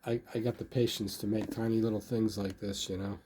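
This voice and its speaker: A man's voice: fairly low pitch, level tone, a little fast, warm tone, slight background noise. An older man casually talking about his model building, rambling and filling his speech with "you know.". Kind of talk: casual hobby video talk.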